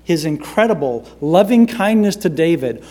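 A male preacher delivers a sermon in a high voice. He leans hard on key words, then drops to a near hush for effect. His tone is dramatic and built for a congregation. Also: very animated, moderate pace. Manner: dramatic, shifts between loud emphasis and hushed delivery.

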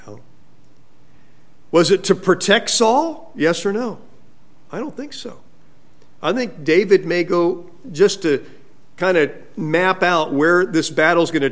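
A male pastor preaching a sermon, asking his congregation rhetorical questions. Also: on the high side.

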